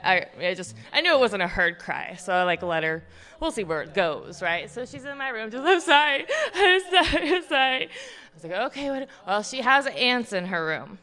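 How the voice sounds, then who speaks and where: Bright clear-voiced woman doing stand-up. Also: fairly low pitch, animated, normal speed, faint music behind. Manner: self-deprecating storytelling with frequent ums. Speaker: stand-up comic. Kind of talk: stand-up set. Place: live comedy club stage.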